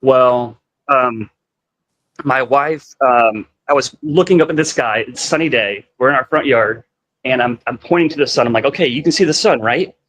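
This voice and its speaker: A man tells a long story in casual conversation, circling back with fillers and acting out quoted lines. His voice sits at a middle pitch. The sound is dry, with no room echo. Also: normal speed, a bit bright. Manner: rambling, heavy on "like" fillers, acts out quoted dialogue.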